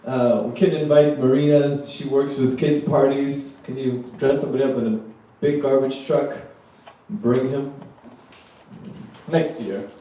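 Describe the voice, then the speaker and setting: A man in his thirties from Germany doing a stand-up set, loose and halting with lots of ums and frequent laughter at his own jokes. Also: medium pitch, steady tone, dark tone. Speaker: stand-up comedian. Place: small comedy venue. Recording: roomy, distant club mic with faint noise.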